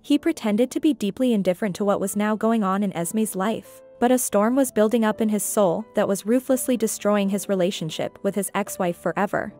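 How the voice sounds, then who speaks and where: A woman reading a scripted story aloud as narrator, steady and even. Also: medium pitch, brisk, hardly any pauses. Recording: faint background music.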